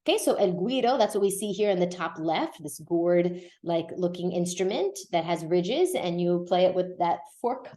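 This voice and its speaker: A woman's voice: lowish voice, animated, normal speed, few pauses, mellow. A woman teaching a Spanish lesson on a podcast, explaining patiently, often checking in with "okay?" and moving between English and Spanish.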